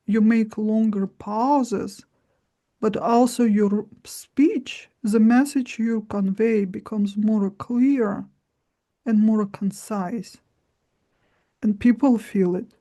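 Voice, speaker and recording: Slow, mellow-voiced woman coaching. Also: a little high, steady tone. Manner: slow, deliberate, with long pauses. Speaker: guest voice and body-language coach. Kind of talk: instructive interview talk.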